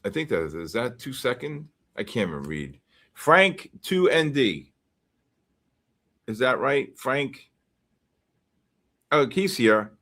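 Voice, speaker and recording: A man hosting a live stream, calling out giveaway numbers and names in a casual, drawn-out way with quick asides. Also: medium pitch, sing-song, a bit bright. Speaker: livestream host calling giveaway winners.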